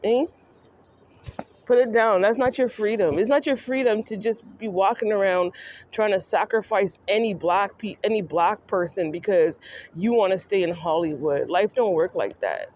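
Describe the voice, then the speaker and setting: A woman's voice: medium pitch, normal speed, a little mellow, a little hiss or hum. A woman vlogger ranting in a scolding, mocking monologue that speaks straight to the person she criticizes. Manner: scolding, mocking, addresses the subject directly.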